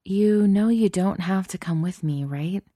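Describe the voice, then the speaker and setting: A woman reading a story, voicing a young female college student who is earnest, apologetic and quick to worry. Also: medium pitch, mellow, dry recording, clean studio sound, voice pushed up, lightly acted.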